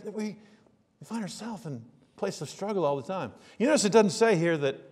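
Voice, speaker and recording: A man preaching a sermon as a pastor, in a conversational style that swings between hushed asides and loud emphasis. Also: fairly high pitch, breathy edge, big-room sound. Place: church sanctuary.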